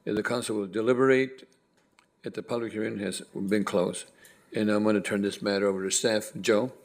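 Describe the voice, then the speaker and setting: A man's voice: lowish voice, steady tone, fairly quick, a little hiss or hum. A man chairing a city council meeting from a dais microphone, reading procedure with a slightly stumbling delivery. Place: council chamber.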